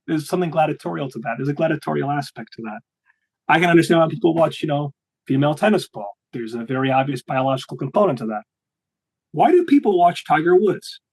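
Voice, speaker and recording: A man's voice: a little high, expressive, quick pace, vocal fry, darkish tone, breathy edge, rough recording. A young man, talking as a guest in a casual interview, rambling with frequent restarts.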